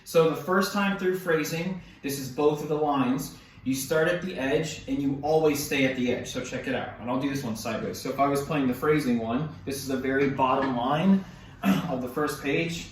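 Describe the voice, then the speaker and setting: A man's voice: medium pitch, moderate pace, a little hiss or hum. A male drum instructor talking casually through snare exercises. He counts beats aloud and often restarts himself or apologizes. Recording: very echoey room, mic at a distance.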